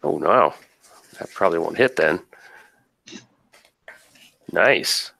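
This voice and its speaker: A man's voice: low voice, animated, slow pace, gravelly, bright, forceful tone. A man running a tabletop game as game master, casually narrating combat and thinking aloud over dice rolls.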